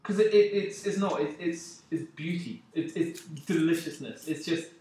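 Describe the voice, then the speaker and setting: A man's voice: on the high side, normal speed, a little mellow. A Scottish man joking and teasing his co-host in casual banter over beer in a photo studio. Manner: joking, teasing, laughs often. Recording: echoey room, distant mic, faint noise.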